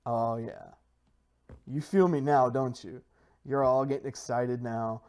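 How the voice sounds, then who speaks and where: A Minecraft server player and video maker speaks a little slowly, his intonation fairly even and his tone darkish. His playful commentary rambles with restarts as he pitches his own plans in mock sales hype and jokes at his own expense.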